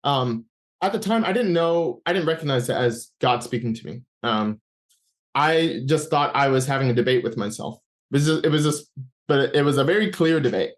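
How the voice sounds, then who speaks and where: A man's voice: medium pitch, expressive, normal speed. Man telling his faith story. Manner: rambling storytelling with restarts, acting out his own thoughts. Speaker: interview guest. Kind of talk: personal faith testimony.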